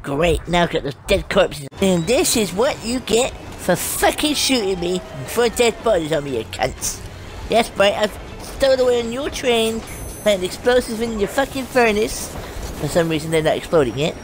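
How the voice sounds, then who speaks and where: A woman giving brash, profane comedic commentary while playing a game, yelling insults at enemies. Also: mid-range voice, big pitch swings, moderate pace, background noise. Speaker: gameplay commentator. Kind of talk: comedic let's-play commentary. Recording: game sounds loud behind the voice.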